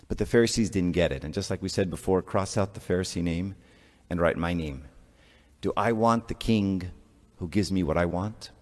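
A priest giving a conversational sermon, asking rhetorical questions and making joking asides. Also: male voice, low-pitched, a little mellow. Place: church. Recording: long church reverb.

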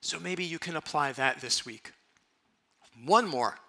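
A man preaching a sermon as pastor, conversational, moving between playful asides and hushed, earnest prayer. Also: on the high side, measured pace, vocal fry. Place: church sanctuary.

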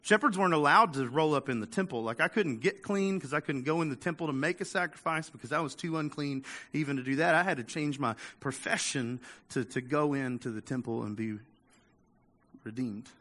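A male pastor delivers a relaxed, conversational sermon, often repeating words as he builds his point. His voice is bright and sits a little high for a man. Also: fairly quick.

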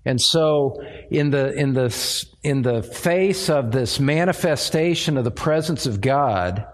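A man preaching an expository sermon, speaking deliberately and repeating words as he finds his phrasing. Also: mid-range voice, expressive. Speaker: pastor.

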